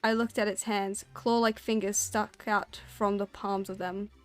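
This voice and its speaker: A woman's voice: mid-range voice, flat delivery, measured pace. Woman streamer reading a scary story off a desk mic, faint music behind. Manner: storytelling, then chatty and self-conscious. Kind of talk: reading a spooky story aloud.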